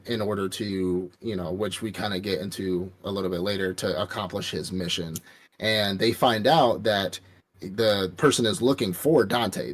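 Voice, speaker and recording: A man casually recapping an anime on a podcast, rambling and profane, acting out quotes from the characters. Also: on the low side. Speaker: podcast co-host. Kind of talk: casual anime review chat.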